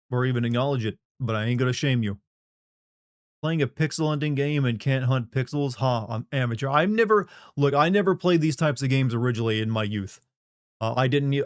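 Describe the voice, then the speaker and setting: A man's voice: mid-range voice, dry recording, clean studio sound. A young man live-streaming a game, rambling casually and joking with viewers, with a profane, self-mocking way of talking.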